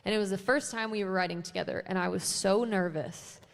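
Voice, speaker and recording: A woman's voice: medium pitch, brisk, vocal fry, big-room sound. A young woman singer-songwriter chatting casually between songs at a live show, laughing often and saying "um" and "like" a lot. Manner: casual, self-deprecating, laughs often, many "um" and "like". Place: church hall with a live audience.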